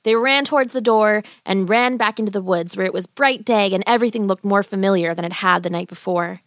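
A woman narrating a children's fairy tale in a gentle, even storybook reading. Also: mid-range voice, a little fast, dry recording, studio quality.

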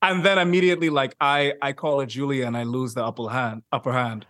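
A man in a casual podcast conversation, talking in an animated way with many "like" fillers and easy laughter. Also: medium pitch, fast, no echo, studio quality. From Bahamas. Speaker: podcast guest, YouTuber.

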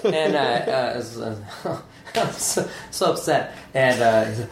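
Man, mid-pitch, rambling shy storyteller full of ums, recorded in a reverberant room with light hum. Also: expressive, unhurried. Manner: hesitant, self-deprecating, many fillers. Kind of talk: casual anecdote. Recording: echoey room, faint background hum.

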